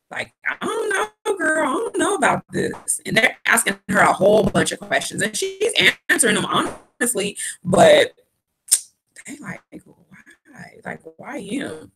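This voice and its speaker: A woman's voice: mid-range voice, vocal fry, fairly bright tone. A woman giving a candid, opinionated casual recap of a reality show as a vlogger. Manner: candid, opinionated, with quoted asides.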